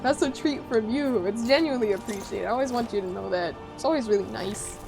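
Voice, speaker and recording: Fast and gravelly yet fairly high-pitched, a female streamer jokes around with her chat while gaming, teasing viewers in a relaxed way. Game music runs under her voice.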